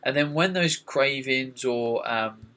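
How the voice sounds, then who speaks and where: A man hosting a casual podcast, giving practical advice in a relaxed way. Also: medium pitch, takes it slowly. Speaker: podcast host.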